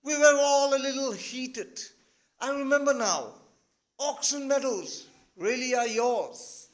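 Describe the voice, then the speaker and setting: Man doing a pleading young woman, high and wailing. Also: slow pace. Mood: coaxing. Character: impulsive, hysterical young woman, the daughter.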